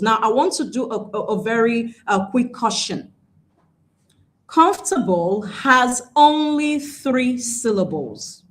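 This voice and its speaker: Nigerian woman teaching English pronunciation. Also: mid-range voice. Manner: deliberate, repeats key words, slows to stress points. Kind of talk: classroom lesson.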